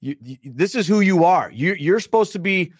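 A man telling a personal story as a podcast guest, animated, acting out the dialogue. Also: high voice, normal speed, breathy edge, no room sound, studio quality. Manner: many fillers and restarts.

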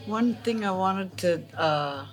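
A woman telling a family story in a podcast, halting, with many pauses and fillers. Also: medium pitch, animated, faint music behind.

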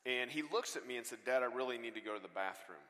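A male guest preacher in his forties spins a funny, animated story from the pulpit. His voice is bright and forward, and it rings out with the long reverb of a large church hall. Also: medium pitch, fast. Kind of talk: sermon with storytelling. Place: church auditorium.

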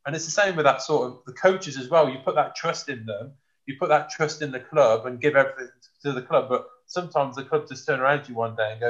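A man's voice: mid-range voice, fast talker, a bit bright. A man, talking frankly in a casual chat as a former rugby player. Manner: blunt, frank, says mate often. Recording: dull lo-fi sound.

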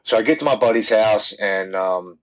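A man's voice: lowish voice, normal speed, muffled recording. A man guest on a podcast telling his personal story in a candid, plain-spoken way, often restarting his sentences.

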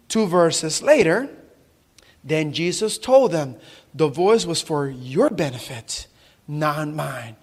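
A pastor in his forties preaching a sermon to a church congregation. He speaks emphatically, quizzes the congregation on the verses, and rises to shouts. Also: a little high, expressive, slow pace. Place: church service.

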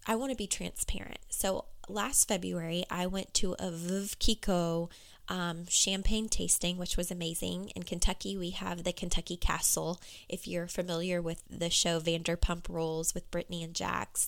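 A young woman life coach talking candidly in a casual monologue, her voice froggy and hoarse, with plenty of "you know" and "um". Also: on the low side, fairly even intonation, moderate pace.

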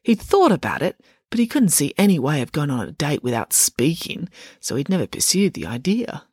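A woman narrating a children's audiobook in an expressive storytelling manner. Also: low voice, moderate pace, husky, no echo, studio quality. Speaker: narrator, author.

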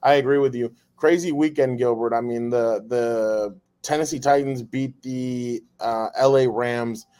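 A man's voice: mid-range voice, fairly even intonation, a little slow, hardly any pauses, warm tone, clean tone. Upbeat man co-hosting a sports podcast. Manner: rambling, upbeat, with restarts. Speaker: podcast co-host. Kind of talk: casual sports podcast chat.

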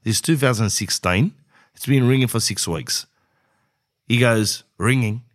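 A man's voice: medium pitch, unhurried. Rambling man telling a comic story. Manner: rambling, says "bro" often, acts out both sides of dialogue. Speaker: comedian.

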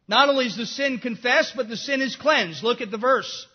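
A man preaches with great passion, his voice pitched unusually high as he moves from urgent appeals to low, hushed confessions. The recording is dull and lo-fi, and it rings with a long hall reverb. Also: moderate pace. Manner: impassioned preaching, swinging from loud to hushed. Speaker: pastor. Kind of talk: sermon.

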